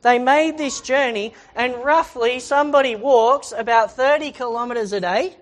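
A woman's voice: on the high side, moderate pace. A woman who teaches the Bible in a chatty way, asking rhetorical questions and reading scripture aloud.

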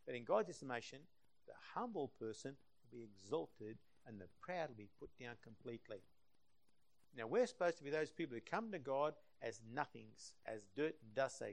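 A man preaching a sermon, swinging between loud passionate emphasis and hushed, quiet stretches. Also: medium pitch, expressive, moderate pace, vocal fry.

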